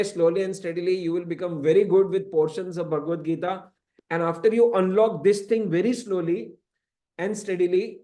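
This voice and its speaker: In a temple classroom, a man lectures his scripture class at length, often dropping in "you know" asides. His voice is high-pitched with a dark tone.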